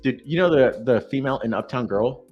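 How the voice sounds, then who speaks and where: A man hosting a casual whiskey tasting call, joking and excitable as he chats. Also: mid-range voice, brisk, husky, lo-fi sound, faint music behind. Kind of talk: casual chat.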